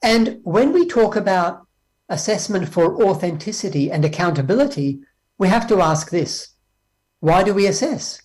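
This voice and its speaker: Lively Australian man giving a keynote. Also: sits high, moderate pace. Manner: lively, acts out dialogues with teachers. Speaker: keynote speaker on education. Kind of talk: conference keynote. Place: speaking remotely from Australia.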